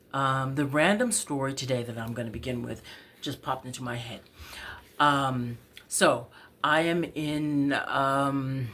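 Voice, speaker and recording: A woman telling a casual personal story in a relaxed, chatty way, clearing her throat now and then from a cough. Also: extremely low pitch. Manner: slow, relaxed, chatty with fillers and soft laughs. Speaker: poet and storyteller.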